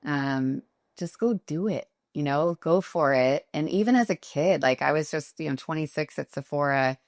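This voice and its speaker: A woman's voice: sits low, moderate pace, a little mellow, no echo, clean studio sound. A middle-aged woman guest founder talking candidly in a casual interview, with lots of fillers. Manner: candid, chatty, many fillers. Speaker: guest, company founder and CEO.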